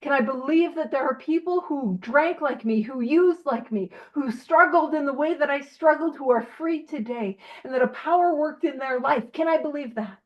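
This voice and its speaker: A woman leading a recovery study over a video call, animated and self-teasing, asking question after question. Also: sits high, moderate pace, few pauses, lo-fi sound.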